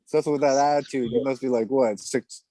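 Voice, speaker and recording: A man co-hosting a casual group chat, joking in a deadpan, sarcastic way. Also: medium pitch, fast, no echo.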